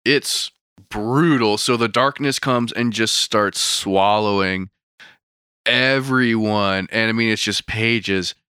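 Young man, casual podcast co-host, bright voice, smooth, dry sound. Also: on the low side, slow, dry recording. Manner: laid-back, profane, retelling scenes. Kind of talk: casual chat recapping a manga.

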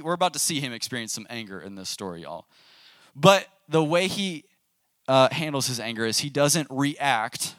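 A man's voice: mid-range voice, fairly bright tone, no echo, clean studio sound. A young adult man giving a conversational sermon as a youth pastor, casually asking the audience questions. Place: church youth service room.

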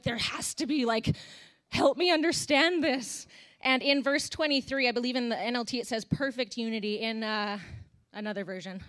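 A woman's voice: a little high, a bit bright. A young woman, a worship leader, preaching a candid, conversational sermon with sighs and emotional moments.

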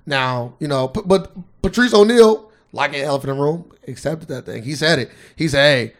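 Gravelly-voiced man chatting casually. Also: on the high side, brisk. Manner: animated storytelling, acts out quotes loudly. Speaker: podcast host. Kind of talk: casual chat.

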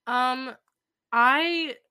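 A woman's voice: sits high, very slow, bright, forceful tone, clean tone, no room sound, studio quality. A woman guest on a podcast, chatting bluntly and sarcastically about a film. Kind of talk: casual chat.

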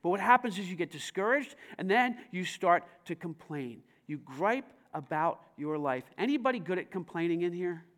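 Male pastor, very high-pitched, dynamic sermon delivery with big swings in volume. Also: lively intonation, moderate pace, hardly any pauses. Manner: dynamic preaching, swings from hushed to shouting.

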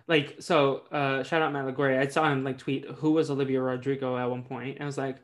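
A man's voice: mid-range voice, level tone, fairly quick, fairly bright tone. A man co-hosting a podcast in casual chat, with loose, jokey talk full of fillers. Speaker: podcast co-host.

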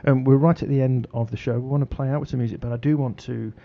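Gravelly-voiced radio host. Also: male voice, mid-range voice, fairly even intonation, warm tone, lo-fi sound. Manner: halting, many fillers and restarts. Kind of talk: casual radio chat.

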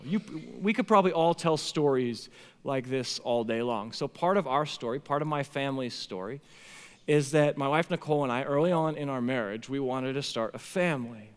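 Animated pastor in a reverberant hall. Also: male voice, medium pitch, moderate pace, smooth. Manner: animated, swings from hushed to near-shouting. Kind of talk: sermon.

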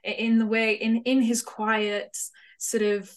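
A woman hosting a podcast in relaxed conversation, thoughtful and agreeable. Her voice sits a little higher than most women's. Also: slow pace. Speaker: podcast host. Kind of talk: casual chat.

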